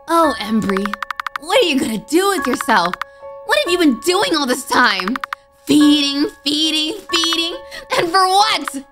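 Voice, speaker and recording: A woman voicing a child's sinister monster double, speaking in a low, measured, taunting way as she reads a game's dialogue.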